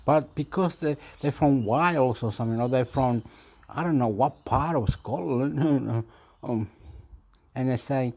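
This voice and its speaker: A man's voice: medium pitch, measured pace, a little mellow. Rambling man. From Chile. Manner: meandering, self-deprecating, laughs often. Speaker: YouTuber. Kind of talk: rambling casual monologue.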